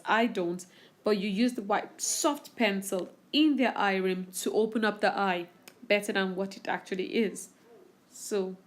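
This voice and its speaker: A woman narrating her makeup tutorial over the footage, walking viewers through each step with enthusiasm. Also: on the high side. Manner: instructive, enthusiastic. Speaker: beauty vlogger.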